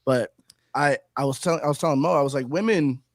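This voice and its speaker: Animated male podcast guest, higher voice, dry close sound, storyteller who chimes in with "yep" a lot. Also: fast talker, dry recording. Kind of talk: casual chat.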